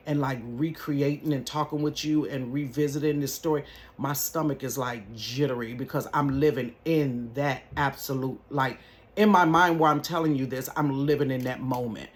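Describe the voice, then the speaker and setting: A woman tells a personal story to camera from her bedroom. She is animated and folksy and talks straight to her viewers. There is a faint hum of room ambience behind her. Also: very deep voice. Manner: animated, folksy, addresses viewers as y'all and honey. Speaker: vlogger. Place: home bedroom. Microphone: camera at close range.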